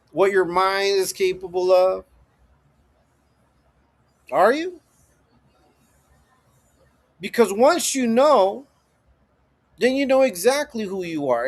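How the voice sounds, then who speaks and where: A man hosting his own live stream, giving profane, swaggering motivational talk with frequent laughter. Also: sits high. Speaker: livestream host. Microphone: streaming setup.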